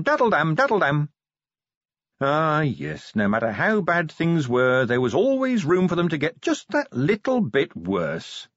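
A man narrating an audiobook with an expressive, varied delivery. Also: mid-range voice, husky, no room sound. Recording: dull, muffled dry recording.

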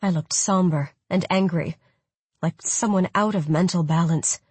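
A woman reads a first-person audiobook in a steady storytelling voice. Her tone is husky and sits a little low, recorded close and dry. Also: a little slow, no echo. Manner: steady storytelling with quoted replies. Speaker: audiobook narrator.

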